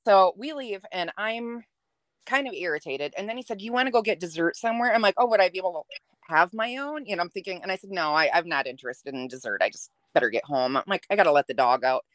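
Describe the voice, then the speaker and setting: A young adult woman telling a dating story on a podcast in a chatty, lively way. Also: lowish voice, quick pace, no echo. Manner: chatty, animated, laughs while telling. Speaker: podcast guest. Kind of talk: casual storytelling.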